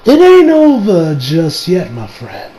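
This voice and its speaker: A man voicing a calm, confident young male hero, reassuring in a smug, drawn-out way. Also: high voice, exaggerated voice.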